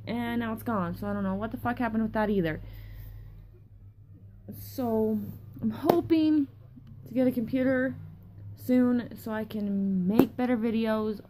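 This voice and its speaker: A woman's voice: on the high side, warm tone, slight background noise. A young woman vlogging in a casual rambling way, tired from lack of sleep, swearing often and losing her train of thought. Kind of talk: casual rambling vlog chat.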